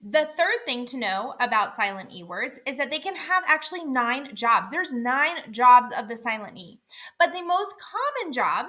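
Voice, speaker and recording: A woman teaching phonics, explaining the rules slowly and sounding out letters one by one. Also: a little high, bright, forceful tone. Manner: clear, deliberate, sounds out letters. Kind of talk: instructional explanation.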